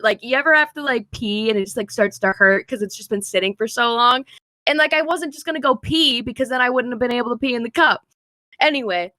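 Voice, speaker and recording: A young woman co-hosting a podcast, telling a long story in a rambling, filler-heavy, animated way. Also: a little high, dry recording. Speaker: podcast co-host. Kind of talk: casual storytelling chat.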